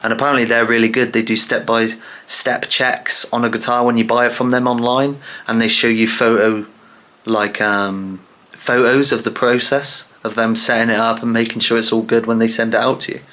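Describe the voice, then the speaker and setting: A young man chatting casually to camera in a vlog, rambling and animated, with lots of fillers. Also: mid-range voice, moderate pace. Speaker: vlogger.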